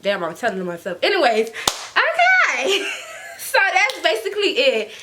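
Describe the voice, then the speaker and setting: A young woman telling a storytime vlog in casual slang, animated, laughing often and acting out quotes. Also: high-pitched, unhurried, noisy background. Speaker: storytime vlogger.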